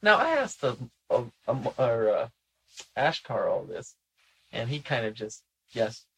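A man with a gravelly, husky voice asks curious questions in easygoing conversation. His pitch swings widely, and he laughs readily. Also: big pitch swings, a little slow, fairly bright tone, low-quality recording. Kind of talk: casual conversation.

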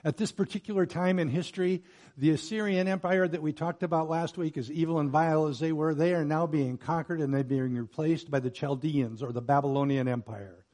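A middle-aged man preaching a sermon as pastor, growing loud and emphatic when reading scripture and turning quiet and personal in asides. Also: on the high side, steady tone, a little fast.

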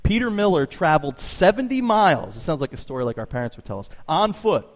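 A man preaches to his congregation, telling stories and driving his points home with sudden high bursts of emphasis. His voice carries a long reverb, as if recorded in a church hall. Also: fast talker. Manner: animated storytelling preacher, voice jumps high for emphasis. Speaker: pastor. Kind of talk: sermon.

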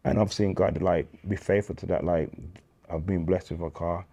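A man's voice: low voice, steady tone, normal speed, mellow. A man, telling his faith story as an interview guest in a candid slang-filled way, acting out dialogue.

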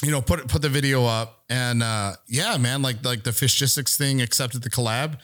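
A man's voice: medium pitch, normal speed, a bit bright, no room sound, clean studio sound. A man on a podcast telling a long story in casual chat, rambling and swearing freely as he acts out what people said. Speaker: podcast co-host.

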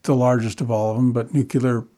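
A man with a mid-pitched, mellow voice speaks in a measured way. He reflects at length and builds his thoughts step by step in a relaxed conversation.

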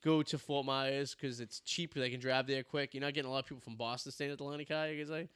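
A man's voice: medium pitch, fairly even intonation, fast, fairly bright tone, clear, resonant tone, no echo. A man in his thirties co-hosting a casual podcast, rambling through stories with crude jokes and frequent laughs. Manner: rambling, joking storyteller. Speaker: podcast co-host. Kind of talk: casual chat.

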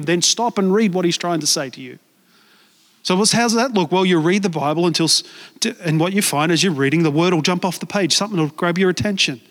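A man's voice: high voice, in a large hall. A male pastor giving a sermon in a church, earnest and conversational, often repeating words as he searches for them.

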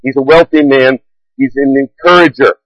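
Casting: middle-aged male pastor, mid-pitched voice, earnest measured sermon delivery, close dry sound. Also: steady tone, fairly bright tone, no room sound, highs cut off. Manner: earnest, measured preaching with slow emphatic stresses.

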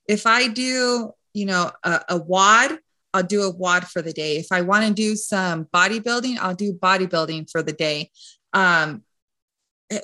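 A woman's voice: medium pitch, sharp tone. A woman nutrition and mindset coach talking casually as a podcast guest, rambling and full of "like" and "you know".

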